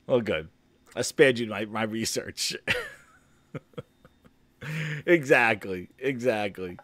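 Gaming stream host guy, rambling and cussing a lot, sarcastic, bright voice, dry close mic. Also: lowish voice, takes it slowly, long pauses, no room sound. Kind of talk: casual gaming podcast rant. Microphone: studio-quality microphone.

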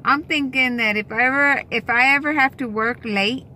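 A woman's voice: high voice, normal speed, sharp tone. A young adult woman vlogging in a car and a store, chatting casually and rambling through exasperated complaints with lots of fillers. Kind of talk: casual chat. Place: inside a car, later a store.

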